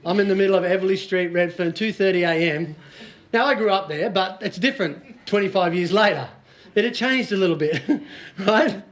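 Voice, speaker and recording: Australian coach in his forties, bright and high voice, jokey and conversational with the room. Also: brisk. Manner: joking, chatty, quizzes the audience. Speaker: business coach speaking to a small group. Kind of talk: casual motivational seminar talk.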